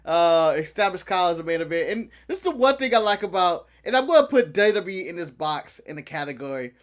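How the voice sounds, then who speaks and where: Joking high-voiced man recapping wrestling. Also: animated. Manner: joking, swears, mimics wrestlers in quick bits. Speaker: podcast co-host. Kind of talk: casual wrestling recap chat.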